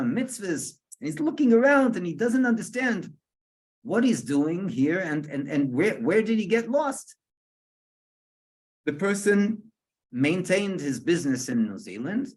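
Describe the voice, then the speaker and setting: A man, a rabbi, telling a story to a small group in a chatty way, chuckling often and repeating words as he searches for them. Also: fairly high pitch.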